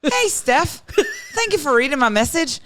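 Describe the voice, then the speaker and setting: A woman's voice: high-pitched, sing-song, normal speed, fairly bright tone, no room sound, pitched above the performer's own voice. A woman reading a listener's email aloud in a put-on Irish accent that wavers, in a playful manner. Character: young woman letter-writer in an Irish accent.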